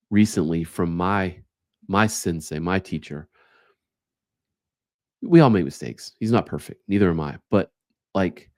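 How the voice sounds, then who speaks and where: A man's voice: sits low, darkish tone, no room sound, clean studio sound. A man hosting a solo podcast, reading short quotes aloud and reflecting on them in a casual, thoughtful way. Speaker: podcast host.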